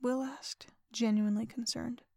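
Female erotic-story narrator: breathy, whispered and panting, fairly high pitch, close dry mic. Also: steady tone, moderate pace, darkish tone, dry recording. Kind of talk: first-person erotic audio story reading.

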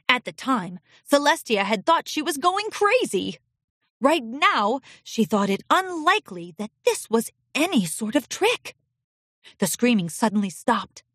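A woman narrating a children's storybook with an expressive, animated reading. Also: high-pitched, no echo, clean studio sound.

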